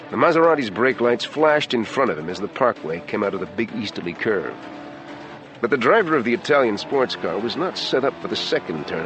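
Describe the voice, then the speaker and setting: A man's voice: on the low side, noisy background. A man reading a thriller audiobook in a taut, dramatic storytelling manner. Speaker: audiobook narrator. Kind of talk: scripted thriller narration.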